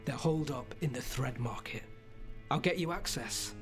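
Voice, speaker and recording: An actor playing a guarded, streetwise gang informant in a video game, talking bluntly and matter-of-fact. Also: male voice, mid-range voice, moderate pace, soft background music, lightly acted.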